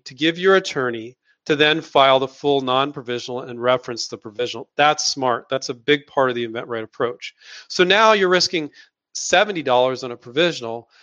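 A man hosts a live question-and-answer stream, answering viewers bluntly and hammering points home by repeating words. His voice is slightly high and bright with a forceful edge. The audio is dull and lo-fi. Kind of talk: live Q&A advice.

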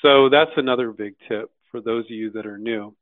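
A man hosting a live question-and-answer session, speaking bluntly and casually and acting out quoted voices with lively jumps in pitch. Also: normal speed, no room sound. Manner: animated, acts out quoted voices, blunt and slangy. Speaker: host answering viewer questions. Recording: dry tinny phone-like sound.

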